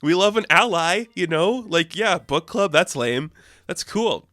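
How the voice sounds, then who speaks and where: A man giving a casual, animated recap of a comic book issue, chatty and full of fillers. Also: high voice, a little slow, no echo, clean studio sound.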